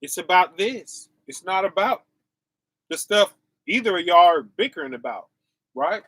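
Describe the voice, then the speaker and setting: High-voiced, bright preacher man, slow talk. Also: husky, no echo, studio quality. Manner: preachy, animated, calls out to viewers, laughs often. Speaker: preacher and livestream host. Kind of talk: casual livestream sermon.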